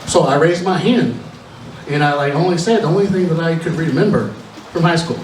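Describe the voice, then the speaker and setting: A man's voice: a little high, brisk, far from the mic, a little hiss or hum. A nervous young man telling self-deprecating stories in a stand-up set at a live comedy show. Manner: self-deprecating, chatty storytelling with many restarts. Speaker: opening comedian. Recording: echoey live room recorded from afar.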